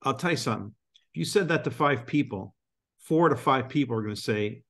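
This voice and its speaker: A man's voice: medium pitch, animated, brisk, creaky, a bit bright. Emphatic male business coach. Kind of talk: motivational call talk.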